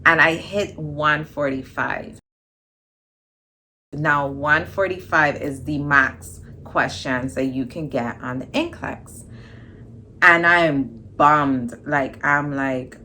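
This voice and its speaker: Low-voiced woman telling a story. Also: slow pace, a little hiss or hum. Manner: animated storytelling, acts out quoted dialogue. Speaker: vlogger. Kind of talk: casual storytime.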